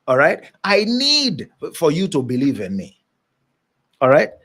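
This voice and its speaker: A man's voice: on the high side, wildly swooping pitch, measured pace, fairly bright tone. A man giving a motivational leadership lesson in an emphatic, preacher-like way, repeating his key points. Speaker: leadership coach.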